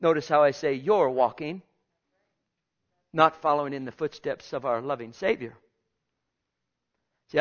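A male pastor preaching a sermon, swinging between loud and hushed and repeating his phrases, with questions put straight to the congregation. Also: a little high, moderate pace, pauses often, highs cut off. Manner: asks the congregation direct questions.

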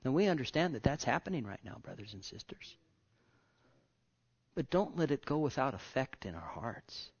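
A man preaching a sermon as pastor, impassioned, moving from loud outbursts to hushed whispers. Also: mid-range voice, big pitch swings, normal speed, vocal fry, slightly rough, dull audio.

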